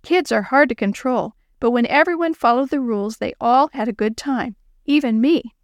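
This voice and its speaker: A woman's voice: a little high, moderate pace, no room sound, clean studio sound, close to an everyday voice. A woman voicing a flustered girl babysitting unruly children, earnest and exasperated.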